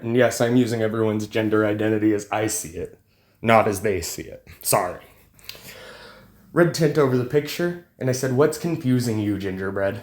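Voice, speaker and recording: Combative man ranting, fairly low voice. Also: a little mellow. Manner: combative and mocking; loose and rambling, with swearing. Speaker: vlogger. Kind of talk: ranting political vlog.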